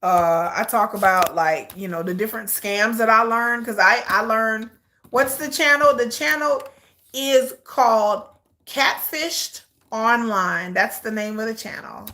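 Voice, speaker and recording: A woman hosts a live stream in casual talk, her voice high and bright. She gossips straight to her viewers, animated and often breaking into laughter. She is recorded on a phone or camera set on a tripod. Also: a little slow. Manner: animated, laughing, shrieks and squeals names at the screen.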